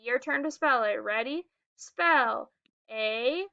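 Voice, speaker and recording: A woman teaching a phonics lesson to young children, slowly sounding out words and cueing the class to read and spell along. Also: a little high, sharp tone, no echo, highs cut off. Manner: slow, clearly sounded-out words with prompting cues.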